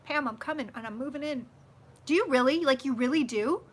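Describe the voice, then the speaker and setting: A woman chatting casually with her viewers on a live stream, swearing freely and swinging loud and soft as she talks. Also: high voice, brisk. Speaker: psychic vlogger hosting a live stream.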